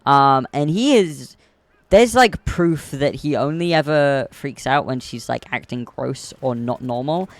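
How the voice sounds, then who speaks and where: A young man streaming, casually retelling a film in a rambling, animated way full of ums. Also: mid-range voice, unhurried, no room sound. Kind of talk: casual chat.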